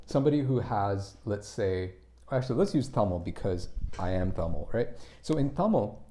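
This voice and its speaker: A man teaching English pronunciation on a live stream, explaining slowly and patiently, demonstrating individual sounds and answering viewers' chat. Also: lowish voice, mellow.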